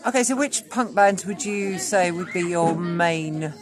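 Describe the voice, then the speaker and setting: A woman's voice: on the low side, measured pace, crowd noise. A woman hosting a backstage interview, asking polite, lightly teasing questions. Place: backstage after a gig.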